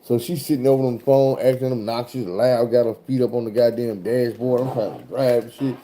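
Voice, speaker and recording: A man tells a road story from his trucking life, swearing freely and talking in an animated, loose way. His voice is very dark and mellow, with a relaxed, heavy warmth. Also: mid-range voice, a little fast. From Arkansas, USA. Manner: animated, profane, swears often. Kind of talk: casual profane storytelling.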